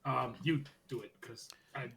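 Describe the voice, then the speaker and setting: A man co-hosting a podcast, casually recapping wrestling and loudly acting out the quotes as he goes. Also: mid-range voice, unhurried, vocal fry, background noise. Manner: animated storytelling, acts out quotes loudly. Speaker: podcast co-host.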